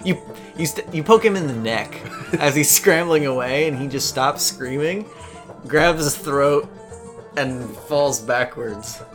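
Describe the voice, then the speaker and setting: A man's voice: on the high side, unhurried, a bit bright, soft background music. A man narrating a tabletop game as game master, chatty and laughing often.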